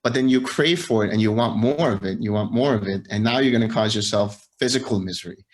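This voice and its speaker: Calm, low-voiced male meditation teacher. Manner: patient, measured, builds on examples step by step. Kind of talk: calm explanation of practice.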